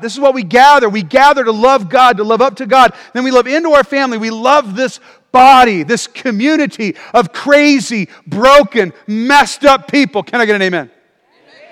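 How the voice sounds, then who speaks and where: A man preaching a sermon as pastor, animated and calling for responses from the congregation. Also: sits high, long reverb tail. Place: church auditorium.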